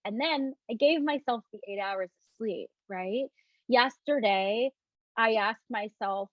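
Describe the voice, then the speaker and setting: A woman hosting a casual live talk on self-love, speaking gently and reflectively and reading out viewer comments. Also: fairly high pitch, unhurried, no echo, lo-fi sound. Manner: gentle, reflective, often mimics questioning tones.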